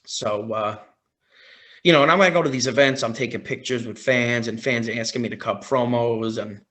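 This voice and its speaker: A man on a podcast as a guest, telling a story in a casual, excited way, often quoting his own reactions. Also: mid-range voice, moderate pace. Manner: excited, retelling with quoted reactions.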